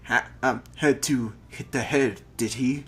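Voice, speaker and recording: A man's voice: mid-range voice, steady tone, a little slow, a bit bright, husky. A man playing a stern, teasing armed guard.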